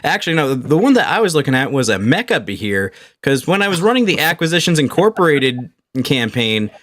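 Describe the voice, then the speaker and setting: A man co-hosting a casual tabletop gaming podcast, excited and swearing casually as he chimes in. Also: a little high, brisk, no room sound, clean studio sound. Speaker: podcast co-host and game master.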